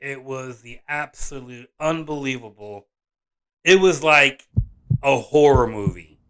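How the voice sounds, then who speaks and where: A man, a father and vlog host, telling a personal story in an animated, rambling way, often restarting and correcting himself. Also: medium pitch, unhurried, clear, resonant tone. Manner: excitable, rambling, frequent restarts and self-corrections.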